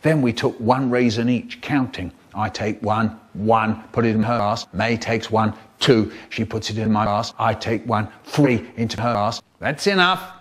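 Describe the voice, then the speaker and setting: A man telling stories in an animated, theatrical way, cut together for comic effect. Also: on the low side, unhurried, few pauses, husky. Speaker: storyteller. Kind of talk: spliced comic storytelling for children.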